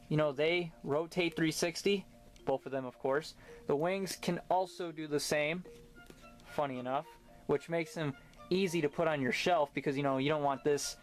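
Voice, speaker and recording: Talkative man rambling through a toy review. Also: on the high side. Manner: talkative, rambling, sarcastic asides. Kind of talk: casual review vlog.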